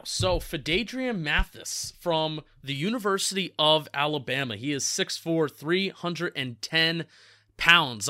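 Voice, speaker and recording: A man with a New Jersey accent talks loosely and chattily, his voice bright and forceful and pitched a little high. The sound is close and dry, with no room around it. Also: dry recording. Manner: chatty, restarts words, laughs at own slips. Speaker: co-host of a football draft podcast. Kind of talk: casual sports analysis chat.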